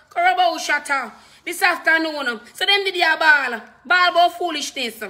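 High, bright-voiced Jamaican woman preacher. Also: moderate pace. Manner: impassioned, emphatic preaching with repeated phrases; switches between patois and standard English. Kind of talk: sermon.

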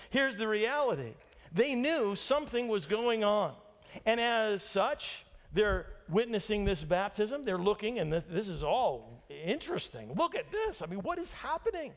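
A man's voice: high-pitched, long reverb tail. A male pastor preaching a sermon to his congregation in a conversational manner, often asking them rhetorical questions. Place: church sanctuary.

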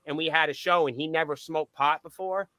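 A man's voice: on the high side, brisk, dry recording. A man who is a band's point of contact tells stories in a casual podcast interview, cursing freely and acting out the dialogue. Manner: profane, animated storyteller acting out dialogue.

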